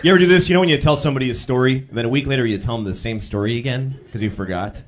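A man doing a stand-up set on a club stage, telling stories and breaking into loud yells for punchlines, with the audience laughing behind him. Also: mid-range voice, very fast, a faint crowd, slight background noise. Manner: animated storytelling, bursts into loud yells for punchlines. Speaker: stand-up comedian.

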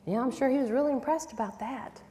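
A woman's voice: sits high, fast talker, dark tone. A middle-aged woman teaching a sermon at a women's conference, earnest and emphatic, with frequent rhetorical questions. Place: large church hall. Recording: long hall reverb.

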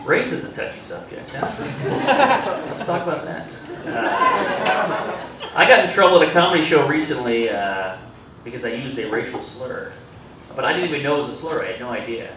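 Male stand-up comic, deadpan and self-deprecating, lively pitch, recorded from far off in an echoey club with loud crowd noise. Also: moderate pace. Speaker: stand-up comedian. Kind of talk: stand-up comedy set. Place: comedy club with live audience.

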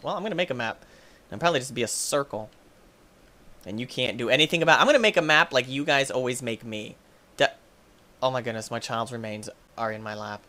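A young man playing a video game and commenting on it, excitable, yelping and laughing often. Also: medium pitch, a little fast. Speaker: gaming YouTuber.

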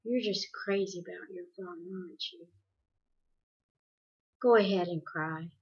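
A woman voicing a kind teenage boy who speaks softly and gently, in a dull lo-fi recording. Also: fairly low pitch, a little slow, husky, full character voice. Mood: gentle. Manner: soft and gentle.

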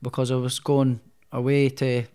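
Here a boxer tells his story on a podcast, chatty and rambling with frequent restarts. His mid-range voice is monotone, warm and clean, at a normal speed.

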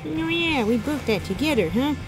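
A woman doing a squeaky excitable cartoon gator. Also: moderate pace. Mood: boastful. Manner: excitable, lots of whoas and squeals. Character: cheerful young gummy gator pirate. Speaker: show's title character. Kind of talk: kids' pretend-play video voice. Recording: music playing behind.

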